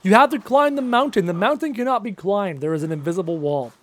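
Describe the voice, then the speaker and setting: A man's voice: high voice, quick pace. A man around thirty chatting casually and upbeat with viewers on a live gaming stream. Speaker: gaming livestreamer. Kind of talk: casual live-stream chat while playing.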